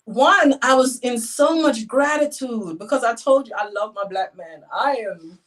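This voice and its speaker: A woman tells personal stories in a lively, emotional way, her voice riding a little high. She sounds a bit away from the microphone. Her delivery is casual and heartfelt, swinging wide as she goes. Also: measured pace. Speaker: guest. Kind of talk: casual storytelling. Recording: voice a bit far from the mic.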